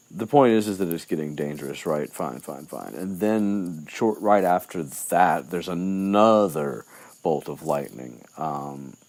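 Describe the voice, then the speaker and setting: A man's voice: deep voice, lively intonation, slow, a little mellow. A man recapping a book chapter in loose, rambling chat, with lots of fillers and restarts. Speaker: podcast host.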